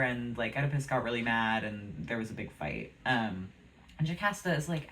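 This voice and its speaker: A vlogger chats in a loose, rambling way, full of fillers and offhand asides, with a lively pitch. The voice sits a little away from the mic, with faint room noise behind. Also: moderate pace, distant mic. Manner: chatty, lots of fillers and asides. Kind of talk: casual rambling book talk.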